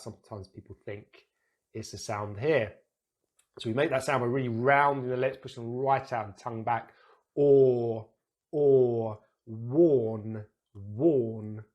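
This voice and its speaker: British male teacher, patient, demonstrative, breaks words into single sounds. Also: mid-range voice. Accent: British English. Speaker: English pronunciation teacher. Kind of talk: explaining pronunciation to camera.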